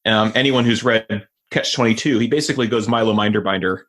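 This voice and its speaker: A man's voice: lowish voice, brisk, a bit bright. A man co-hosting a podcast in casual chat, rambling with lots of restarts. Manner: rambling, many fillers and restarts. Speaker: podcast co-host.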